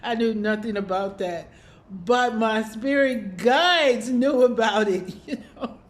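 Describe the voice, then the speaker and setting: A woman's voice: a little high, takes it slowly. A woman hosting a spiritual video series, telling a personal story in a casual, reflective way with many fillers and small laughs.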